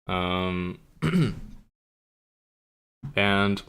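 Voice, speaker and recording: Young male streamer, loose rambling talk full of swearing, lowish but bright voice. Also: expressive, drawn-out words, gravelly, a little hiss or hum. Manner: rambling, swears a lot, searches for words. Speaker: streamer and writer. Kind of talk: casual chat with stream chat before a reading.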